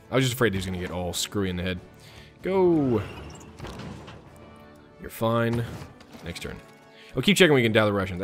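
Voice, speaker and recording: Low-voiced man narrating a strategy game. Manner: casual, mutters orders to units. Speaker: gaming channel host. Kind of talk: let's play commentary.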